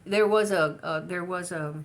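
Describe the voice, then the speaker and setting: A woman's voice: lowish voice, normal speed. An older woman telling her life story in a casual family interview, hesitant, with many restarts and fillers.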